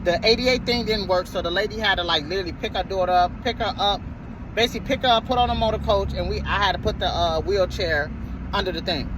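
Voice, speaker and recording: Bus driver guy venting a story, cussing a lot, loud street traffic behind him. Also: high-pitched, quick pace. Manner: heated, profane, repeats himself. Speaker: motor coach bus driver. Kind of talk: casual storytelling vlog.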